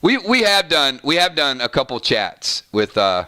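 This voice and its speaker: A man's voice: fairly high pitch, sing-song, a little slow, sharp tone. A man with a Southern American accent, hosting a casual live-stream chat and playfully arguing opinions with viewers. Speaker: gaming channel host.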